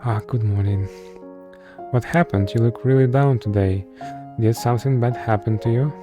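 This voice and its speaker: A man's voice: medium pitch, moderate pace, close to an everyday voice. Supportive young friend, read by a man. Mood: concerned. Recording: game music behind the voice. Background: music.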